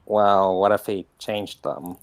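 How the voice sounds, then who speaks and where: A man's voice: sits low, fairly even intonation, slow, clean tone. A man playing a tabletop game, hesitant with many uhs. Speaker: player. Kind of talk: casual game chat.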